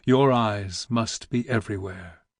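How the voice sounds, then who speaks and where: A man's voice: lowish voice, unhurried, no room sound, studio quality. A man voicing a polite, deferential investigator. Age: 40s. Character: polite forty-year-old investigator. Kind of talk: audiobook reading.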